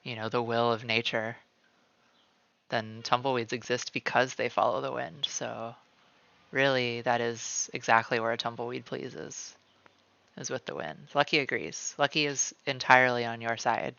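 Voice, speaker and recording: Streaming from home as he draws, with a cat nearby, a man rambles casually, leans heavily on "like," and refers to himself by name in the third person. His medium-pitched voice is flat and sharp with vocal fry at a normal speed. The recording is dry and muffled.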